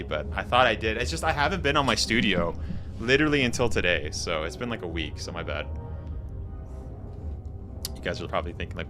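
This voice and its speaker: A young man chatting casually with viewers on a game stream, laughing often and tossing in slangy asides. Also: lowish voice. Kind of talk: casual live-stream chat.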